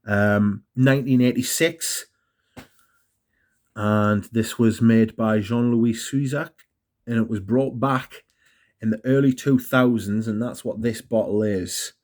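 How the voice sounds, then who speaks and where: A man's voice: medium pitch, steady tone, slow pace, a little mellow. A man chatting casually as he reviews perfumes, rambling and self-mocking. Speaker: fragrance reviewer.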